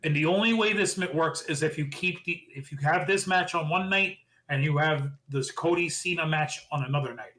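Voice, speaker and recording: A podcast co-host with a slightly high, sharp voice talks fast and animatedly, recapping the week's wrestling with strong opinions on a casual show. He often acts out what people said, and the recording is rough.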